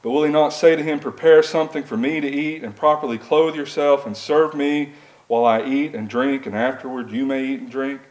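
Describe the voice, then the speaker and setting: A man's voice: mid-range voice, fairly even intonation, brisk, a little mellow, low-quality recording. A man preaching a sermon in a plain, conversational way. He reads scripture aloud and stops to ask his listeners rhetorical questions.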